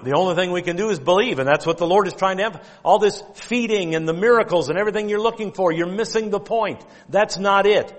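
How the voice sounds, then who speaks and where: Emphatic pastor preaching in a reverberant hall. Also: male voice, high voice. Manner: emphatic preaching, quoting King James scripture; drawn-out stress on key words. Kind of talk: sermon. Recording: long reverb of a church hall.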